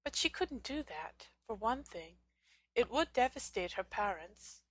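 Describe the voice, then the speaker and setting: A woman narrating a fan fiction audiobook in a dramatic, expressive storytelling manner. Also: a little high, unhurried, husky, no echo.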